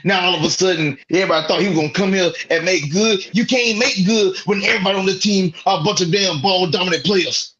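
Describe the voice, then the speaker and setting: High, bright-voiced man ranting profanely. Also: quick pace, hardly any pauses, muffled recording. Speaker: podcast co-host. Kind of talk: heated sports rant.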